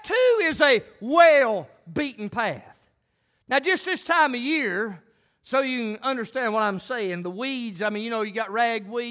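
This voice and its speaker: A man preaching a folksy country sermon, building up to shouted, fervent passages. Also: very high voice. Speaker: pastor.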